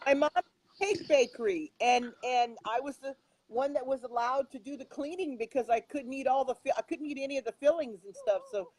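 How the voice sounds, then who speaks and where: A woman's voice: sits high, fairly quick, a little mellow, poor audio. An older woman chatting casually on a radio show, telling stories with frequent laughs and restarts. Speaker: regular guest.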